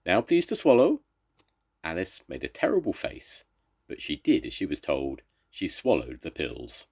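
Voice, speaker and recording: An older grandfather reads a children's story aloud in a gentle, expressive way. His voice is deep and low. It rises and falls with lively intonation as he tells the tale. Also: moderate pace, gravelly, slightly rough.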